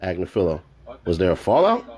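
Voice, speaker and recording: A man's voice: low voice, wildly swooping pitch, fairly quick, a little mellow. A man on a live stream reading courtroom notes aloud, raising his voice for quoted lines and adding joking asides.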